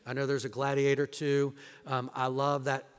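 A man's voice: mid-range voice, completely flat delivery, moderate pace, clear, resonant tone. A male pastor preaching a sermon in a conversational way and asking the congregation rhetorical questions. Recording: long hall reverb.

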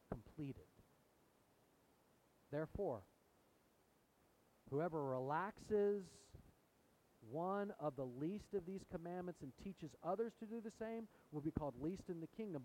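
A man preaches to his congregation, animated and full of questions thrown out to the pews. His voice sits high for a man, with a faint rumble in the background. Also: low-quality recording. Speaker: pastor. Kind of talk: sermon. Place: church sanctuary.

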